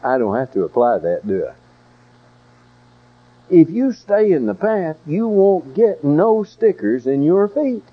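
A man's voice: fairly high pitch, big pitch swings, measured pace, narrow, tinny audio. An older man preaching a sermon in a folksy, emphatic way, with storytelling asides.

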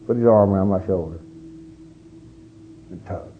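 A middle-aged man preaching a sermon, an animated storyteller who swings from loud outbursts to hushed asides. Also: sits low, moderate pace, phone-quality sound, slight background noise. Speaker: pastor.

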